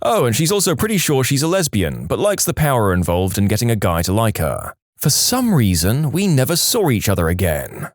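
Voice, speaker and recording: A man's voice: mid-range voice, sing-song, fairly quick, few pauses, no room sound. Male story narrator, swooping delivery, dead-dry booth. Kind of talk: reading reddit stories aloud.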